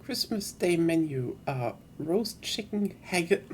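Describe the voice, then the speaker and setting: German woman streamer, lowish slow voice, amused chat; faint noise. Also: a little mellow. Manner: chatty, amused, bewildered. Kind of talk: casual gameplay commentary.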